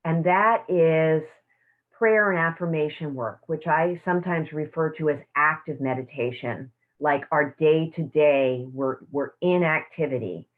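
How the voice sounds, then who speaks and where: Slow soft-spoken woman on a tinny line. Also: sits low. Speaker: self-care class teacher. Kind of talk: guided meditation and teaching. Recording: tinny phone-like audio.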